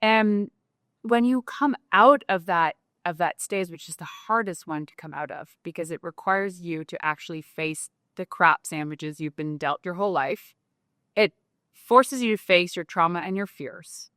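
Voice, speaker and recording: A woman guest on an interview show, talking in a casual, animated way with lots of "like" fillers. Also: fairly low pitch, a little slow, no room sound, clean studio sound. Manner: animated, talkative, many "like" fillers. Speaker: guest entrepreneur.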